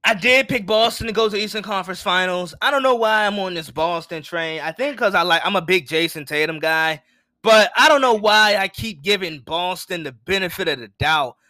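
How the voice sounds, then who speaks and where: A man's voice: high-pitched, brisk, sharp tone, no room sound. A man in casual sports chat, earnest and getting worked up as he argues his picks.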